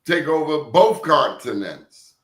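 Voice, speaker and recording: A man's voice: on the high side, lively intonation, slow, fairly bright tone. A man in casual conversation, telling stories emphatically with blunt slang. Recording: roomy echo.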